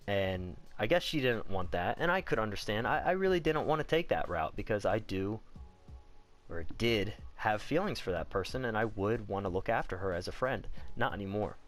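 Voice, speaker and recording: A young man with a fairly low voice recounts a personal story in a blunt, casual way. He swears freely and acts out the moments as he goes. Soft music plays faintly underneath. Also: animated, fairly quick. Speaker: vlogger.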